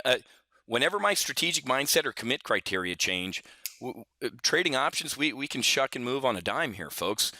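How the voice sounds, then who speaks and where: A man's voice: medium pitch, sharp tone, no echo. A man giving a rambling, opinionated market update for his trading members, full of folksy asides and restarts. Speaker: options trading educator. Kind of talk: casual solo market update.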